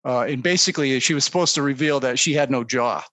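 A man's voice: mid-range voice, fast talker, a bit bright, no room sound. A man co-hosting a casual movie podcast, methodically walking through the cast and production notes. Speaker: podcast co-host.

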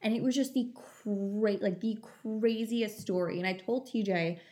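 A woman's voice: mid-range voice, steady tone, a little slow, warm tone. A young woman telling a long story in casual chat, full of fillers. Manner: chatty storytelling, many fillers.

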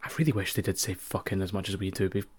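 A man with a Scottish accent recapping a wrestling show in casual, profane, animated chat as a podcast co-host. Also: low-pitched, very fast, breathy edge.

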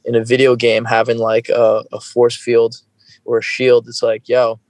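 A man talking loosely on a podcast, dropping swear words and slipping into quick impressions of the people he describes. His voice sits close and dry on the mic, with no room around it. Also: mid-range voice, no echo, low-quality recording. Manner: profane, animated, acts out quoted people. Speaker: music video director. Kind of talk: casual podcast chat.

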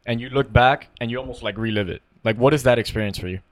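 A man's voice: medium pitch, fast. A man hosting a podcast, chatting casually, agreeable and asking follow-up questions.

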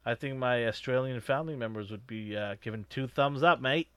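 A man co-hosting a casual movie review chat, rambling with lots of fillers and animated reactions. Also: medium pitch, fairly quick, smooth, no room sound.

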